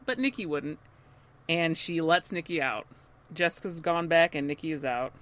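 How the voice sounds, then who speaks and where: A woman's voice: sits low, moderate pace, fairly bright tone. A woman co-hosting a podcast, animatedly retelling a TV episode and laughing often. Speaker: podcast co-host. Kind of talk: casual episode recap.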